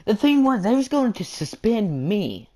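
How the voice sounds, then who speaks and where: A man's voice: sits high, very animated, a little slow, darkish tone. A male gaming vlogger telling a rambling story in casual chat, full of fillers and the word "freaking". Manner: chatty, repeats "freaking" and fillers.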